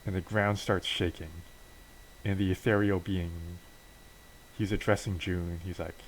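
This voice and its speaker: A man's voice: deep voice, fairly even intonation, unhurried, pauses often, a little hiss or hum, poor audio. A man casually retelling a wrestling game's storyline, offhand and full of fillers. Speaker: game narrator.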